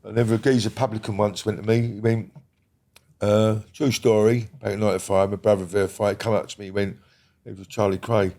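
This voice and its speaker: A man's voice: lowish voice, little pitch movement, fairly quick, dark tone. A man, talking as a guest about his past in a rambling, blunt way full of swearing, often checking that the listener follows. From Britain. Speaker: guest recounting a criminal past. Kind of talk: casual storytelling conversation.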